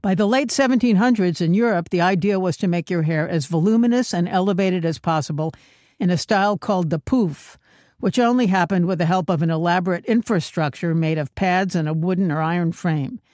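A woman delivering scripted comedic narration with wry, sarcastic, deadpan asides. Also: on the low side, brisk, no echo, clean studio sound. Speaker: comedic host.

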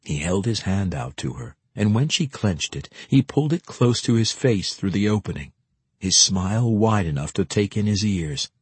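Expressive male narrator, husky and deep-ish, close dry sound. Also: normal speed, no echo. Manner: expressive storytelling reading. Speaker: audiobook narrator. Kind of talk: scripted narration.

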